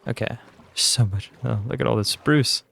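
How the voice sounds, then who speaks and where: A man's voice: mid-range voice, normal speed, creaky, a bit bright. A tired young man chatting casually while playing a game, rambling and self-deprecating. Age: young adult. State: tired, yawning. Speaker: gaming channel host. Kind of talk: casual gameplay commentary.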